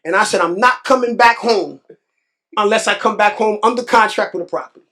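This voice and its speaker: A man from New York, a real estate investor, telling his story in an animated interview, repeating phrases and acting out other people's words. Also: high-pitched, fairly quick. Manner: animated, repeats phrases, acts out quoted voices.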